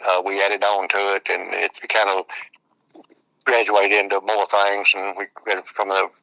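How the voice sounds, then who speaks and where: Store owner guy, super deep and monotone, just telling it straight. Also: measured pace, gravelly, no echo, low-quality recording. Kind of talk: casual interview.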